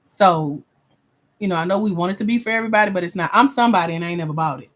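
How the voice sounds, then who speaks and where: A woman's voice: on the low side, rapid-fire, a bit bright. A woman hosting a livestream as a grant coach, reading viewer comments aloud and giving blunt, sassy feedback in casual slang.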